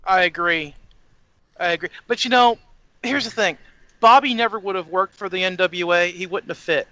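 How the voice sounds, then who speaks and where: Excitable podcast co-host, male; high, bright, dry studio sound. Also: normal speed, dry recording. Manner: excitable, swears, repeats words. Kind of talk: casual wrestling chat.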